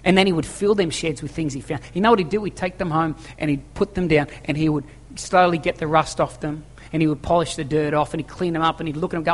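A pastor with a higher-leaning voice talks fast with few pauses and fairly even intonation. His emphatic sermon to the congregation, packed with repeated phrases and rhetorical questions, rings out with long church reverb in the hall.

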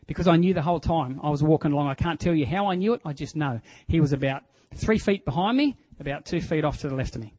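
A man's voice: a little high, expressive, fast, few pauses, a little mellow, no room sound, poor audio. Earnest Australian man giving a testimony. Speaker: preacher sharing personal testimony. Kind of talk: personal testimony sermon.

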